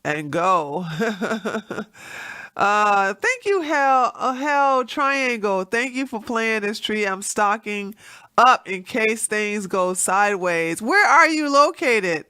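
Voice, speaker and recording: A woman's voice: mid-range voice, lively intonation, slow pace, pushed and bright, smooth. Stuffy-nosed woman rambling on a livestream. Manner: rambling, chatty, laughs often. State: stuffed-up nose from allergies. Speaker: livestream host. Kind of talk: casual livestream chat.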